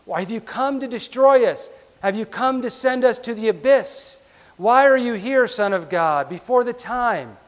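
A man's voice: very high-pitched, animated, normal speed, pitched above the performer's own voice. A man voicing a frightened male unclean spirit that cries out in alarm. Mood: fearful. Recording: long hall reverb.

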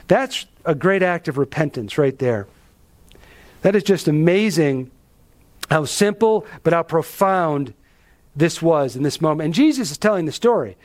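At a normal pace and with an animated, slightly mellow voice, a preacher works through an expository sermon. He speaks with emphasis, asks rhetorical questions, and lowers his voice dramatically to drive points home.

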